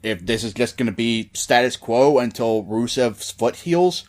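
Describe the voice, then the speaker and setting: A man's voice: mid-range voice, expressive, a little slow. Man, podcast co-host, casual wrestling talk, eager, stumbles over his openings. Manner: enthusiastic, repeats words when starting sentences.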